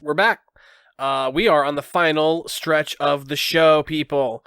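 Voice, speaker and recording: A man hosting a casual music podcast, talking in halting phrases with many restarts. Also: on the high side, fairly even intonation, a bit bright, clean tone, dry recording, clean studio sound. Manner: hesitant, lots of filler restarts. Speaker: podcast host. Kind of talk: casual chat.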